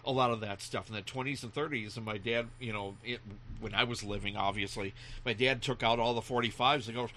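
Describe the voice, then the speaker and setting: A man chatting casually, telling animated stories and acting out the voices of people in them. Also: mid-range voice, fairly quick. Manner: animated storyteller who acts out voices, laughing often. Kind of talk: casual chat.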